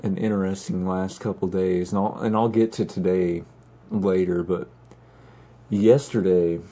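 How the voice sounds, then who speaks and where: A man's voice: sits low, fairly even intonation, a little slow, warm tone. A man hosting a casual podcast chat, laid-back and wry as he tells stories. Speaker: podcast host.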